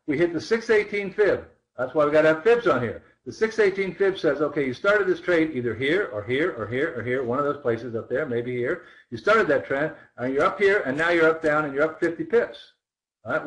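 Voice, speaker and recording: A man's voice: on the high side, poor audio. A man teaching a trading seminar, walking through charts with rhetorical questions and repeated phrases. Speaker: trading instructor. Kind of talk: live seminar chart walkthrough.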